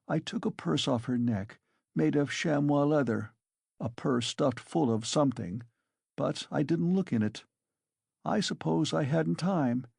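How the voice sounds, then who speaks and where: Brief: tormented bitter young student, gravelly pleading voice read by a man. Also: a little high, unhurried, darkish tone, dry recording, studio quality, voice pushed up, full character voice. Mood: brooding. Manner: anguished pleading. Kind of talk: audiobook character reading.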